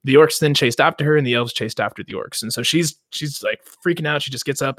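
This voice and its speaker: A man's voice: mid-range voice, steady tone, quick pace, fairly bright tone, no room sound, studio quality. A young man co-hosting a casual book podcast, retelling the plot with mock quotes and laughs. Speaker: podcast co-host.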